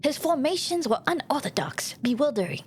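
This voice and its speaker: A woman's voice: high-pitched, very animated, brisk, a little hiss or hum. A woman reading as a grave old samurai. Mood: solemn. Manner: earnest storytelling, recounting a battle. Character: older male samurai warrior, grave and solemn.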